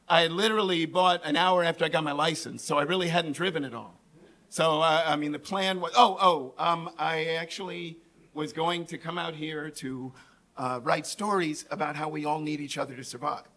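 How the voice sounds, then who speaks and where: A man from New York with a New York accent, telling a comedic personal story on stage, animated, keeps asking the audience "right?" and throws lively voices into the people he quotes. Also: fairly high pitch, normal speed.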